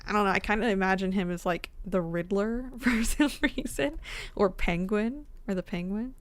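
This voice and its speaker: A woman's voice: medium pitch, lively intonation, moderate pace, dry recording. Giggly chatty woman streaming a game. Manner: chatty, giggly, self-mocking. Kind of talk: casual gaming stream commentary.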